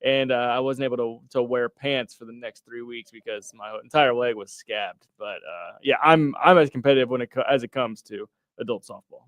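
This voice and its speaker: A young man with a smooth, resonant voice co-hosts a sports radio show. He speaks earnestly and stumbles into frequent restarts. His American accent comes through close and dry. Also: mid-range voice, a bit bright, no echo. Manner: halting, restarts often, earnest. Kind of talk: casual sports talk radio.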